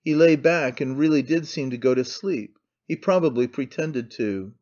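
A man narrating an audiobook in a measured, even storytelling manner. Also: medium pitch, highs cut off. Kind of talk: scripted narration.

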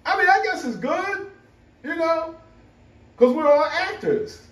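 A man chatting casually to camera as a vlogger, animated and laughing often. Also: very high voice, unhurried. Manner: animated, laughing, full of "you know". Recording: roomy, from a distance.

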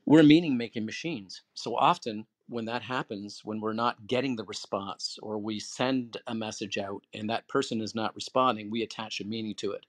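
A man's voice: on the low side, normal speed, hardly any pauses, no echo. A man hosting an online audio room, explaining in an earnest, teacherly way and acting out example phrases with shifting word stress. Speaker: host and moderator. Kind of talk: conversational advice talk.

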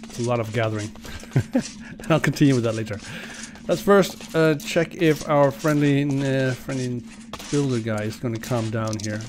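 Man, mid pitch, casual let's-play commentator, rambling and friendly with the game characters, faint hiss. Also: normal speed, darkish tone. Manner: chatty, talks to game characters.

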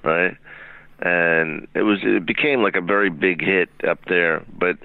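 Deep-voiced man telling rambling stories. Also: fairly even intonation, unhurried, gravelly, dry recording, phone-quality sound. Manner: rambling anecdotes with many fillers. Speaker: host. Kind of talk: casual storytelling chat. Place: comedy club stage.

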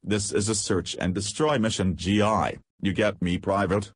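A man's voice: on the low side, steady tone, normal speed, husky, dry recording, clean studio sound. A man voicing an ill-tempered army commander who barks profane orders in an audiobook. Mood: angry.

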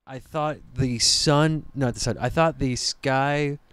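A man's voice: medium pitch, slow pace, clear, resonant tone, dry recording. A man co-hosting a podcast, reacting to a movie trailer in casual, rambling chat and slipping into mock voices. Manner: excitable, rambling, puts on mock voices when retelling. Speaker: podcast co-host.

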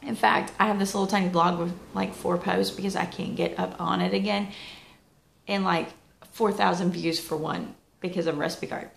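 A woman giving casual, chatty wellness advice as a vlogger, folksy and lively with plenty of asides. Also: lowish voice, moderate pace, creaky, roomy sound. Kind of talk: casual motivational talk.

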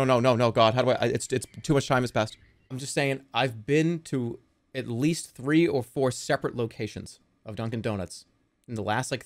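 A man streaming games live, chatting casually in a rambling, excitable way and often laughing at himself. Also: medium pitch.

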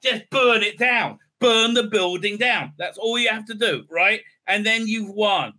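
A man's voice: high-pitched, measured pace, pushed and bright. A man hosting a casual episode recap and review, talking in a sarcastic, mocking way and dropping into silly put-on voices. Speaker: show host reviewing a TV episode.

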